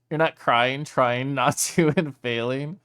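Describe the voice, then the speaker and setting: Male streamer, smooth clear voice, teary and emotional, laughs a lot while chatting at his desk mic. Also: mid-range voice, steady tone, slow, fairly bright tone. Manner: emotional, laughs often between sentences. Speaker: streamer reading chat. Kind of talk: casual stream chat.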